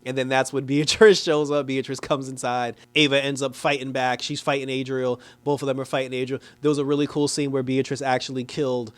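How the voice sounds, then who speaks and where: A man giving a casual, animated review of a TV episode, talking loosely with lots of "like" and quick laughs. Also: medium pitch, clear, resonant tone. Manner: animated, chatty, frequent "like" and laughs; acts out characters in exaggerated quoted voices. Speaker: TV show reviewer.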